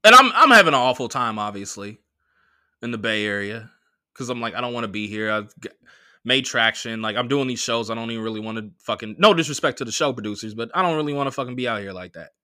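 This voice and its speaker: A young man tells a story on his podcast, animated and profane, acting out both sides of a conversation. His voice is bright and forceful. The sound is dry and close, with no room around it. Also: mid-range voice, fast, no echo. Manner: animated retelling with profanity and quoted dialogue. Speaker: podcast host. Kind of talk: casual storytelling monologue.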